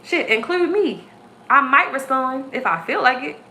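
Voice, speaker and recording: Aggressive high-voiced woman ranting. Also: lively intonation, unhurried, sharp tone, slight background noise. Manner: aggressive, profane and preachy. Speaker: tarot reader. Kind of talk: live-stream spiritual rant. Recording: echoey room.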